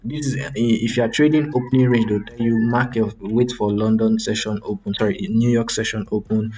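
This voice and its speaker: A man's voice: fairly low pitch, steady tone, a little fast, warm tone. A young man hosting a trading channel, casually talking through a live screen-share trade breakdown with frequent ums and self-corrections.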